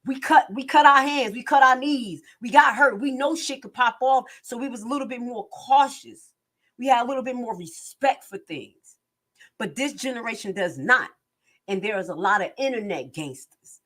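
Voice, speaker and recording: A woman's voice: fairly high pitch, normal speed, fairly bright tone. A middle-aged woman giving impassioned live-stream commentary, blunt and streetwise, preaching and repeating herself for emphasis.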